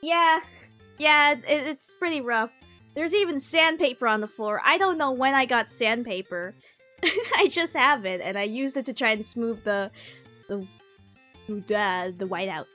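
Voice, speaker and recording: A high-voiced woman streamer rambling in animated, self-interrupting casual chat. Faint music plays behind her. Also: a little slow. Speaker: vtuber streamer.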